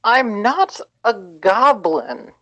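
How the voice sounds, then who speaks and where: Lively, high woman player. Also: very slow. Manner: loud, indignant outbursts. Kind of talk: casual tabletop role-play.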